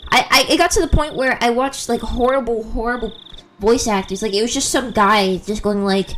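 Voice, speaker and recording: A woman's voice: on the high side, quick pace, faint music behind. A woman streamer chatting casually, giggling often and rambling through restarts, on a handheld mic held close. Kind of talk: casual live-stream chat.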